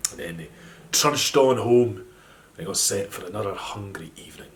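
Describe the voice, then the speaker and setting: A man with a Scottish accent telling a folk tale in a gentle, animated storytelling manner. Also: on the low side, moderate pace. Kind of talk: storytelling narration.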